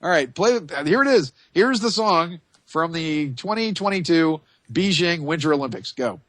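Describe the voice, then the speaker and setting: A male talk radio host with a fairly high, tense, forceful voice, recorded dry and close on a studio microphone. He rambles through his monologue with sarcastic, mocking asides. Between the asides he reads items aloud in a slower, deliberate voice. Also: animated, no room sound.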